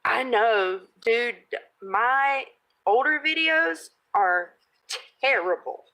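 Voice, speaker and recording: A woman in her thirties casually chatting while she crafts, rambling off on tangents, laughing at herself and clearing her throat. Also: a little high, animated, very slow, bright, forceful tone, poor audio. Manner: rambling, self-deprecating, laughs often. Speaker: craft video host.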